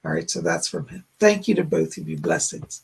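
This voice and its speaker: A man hosts live-stream psychic readings in a gravelly, husky voice that sounds worn out and hoarse. He passes on spirit messages in repeated "he said" phrasing. He thanks his viewers warmly and often. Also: on the high side, fairly quick. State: hoarse, voice giving out. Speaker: psychic medium, stream host.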